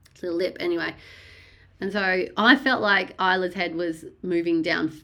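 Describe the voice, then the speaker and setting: A woman candidly recounting her birth story, frank and animated, swearing freely. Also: lowish voice, normal speed.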